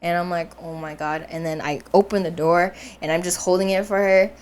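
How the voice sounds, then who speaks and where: A woman's voice: lowish voice, fairly quick, a little hiss or hum. A young woman co-hosting a podcast, telling a dream story in casual chat and acting out the voices of the people in it. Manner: animated storyteller, acts out voices, laughs often. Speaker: podcast co-host.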